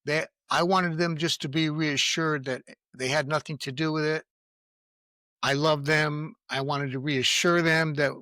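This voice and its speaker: Earnest man with a bright, forceful voice. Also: a little high, no echo. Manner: earnest, reflective, speaks from personal experience. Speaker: parenting coach and guest expert. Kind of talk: candid interview answer.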